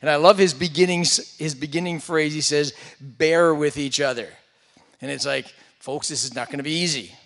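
Man, pastor, sermon, storytelling, slightly high voice, reverberant hall. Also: steady tone, a little fast, vocal fry, hardly any pauses. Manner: storytelling, swings between loud emphasis and hushed asides.

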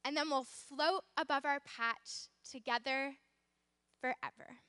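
A woman voicing a kind, gentle butterfly from a children's story, speaking slowly and reassuringly. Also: high voice, dry recording, clean studio sound, heavily acted. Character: gentle kind new butterfly, loyal friend.

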